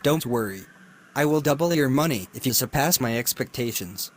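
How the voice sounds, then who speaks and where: A man voicing a smooth, leering rich man in a cartoon story, in a medium voice with an easy, self-assured drawl. Faint noise sits under the recording. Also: mid-range voice, lively intonation, moderate pace, natural voice. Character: smooth-talking predatory wealthy man. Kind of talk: animated story voice acting.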